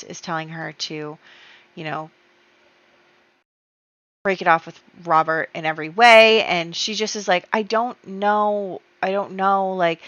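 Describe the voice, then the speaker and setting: A woman's voice: lowish voice, fairly bright tone, no room sound. A woman casually commenting on her life-sim game, chatty and storytelling, with many fillers. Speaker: gameplay YouTuber. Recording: dull lo-fi dry sound.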